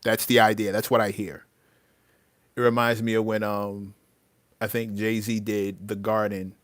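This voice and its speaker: A man's voice: fairly low pitch, flat delivery, unhurried, no room sound. A man hosting his own livestream, ranting emphatically about entitlement, often restarting his words. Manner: heated, emphatic, with many repeated restarts. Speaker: livestream host and rapper.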